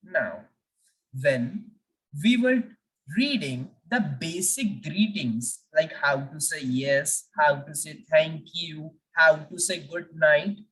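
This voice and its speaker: Slow, deliberate woman teaching French. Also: low-pitched, distant mic, low-quality recording. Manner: slow, deliberate, repeating letters for learners. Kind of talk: language lesson.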